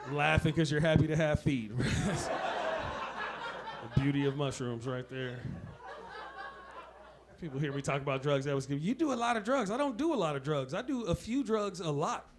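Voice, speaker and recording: A man with a fairly high voice works a comedy club stage in a loose, laughing, punchy stand-up set, forever checking in with the crowd. The live recording is noisy, with a steady club hubbub behind him.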